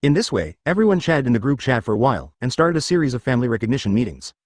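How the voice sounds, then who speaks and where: A man's synthetic voice narrating a web novel, reading everything in an even, machine-like way. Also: mid-range voice, rapid-fire, no room sound, clean studio sound. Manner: flat synthetic reading, reads markup aloud.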